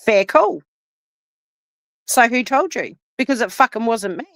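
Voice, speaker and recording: A woman's voice: fairly high pitch, lively intonation, a little slow, fairly bright tone, no room sound. A woman, furious and swearing nonstop in a livestream rant, shaking with anger. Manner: furious, swearing constantly, repeating demands. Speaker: live streamer.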